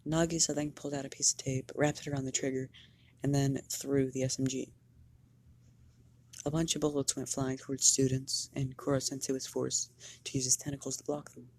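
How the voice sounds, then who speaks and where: A fan storyteller improvising a story narration, halting and often repeating words. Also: mid-range voice, level tone, darkish tone.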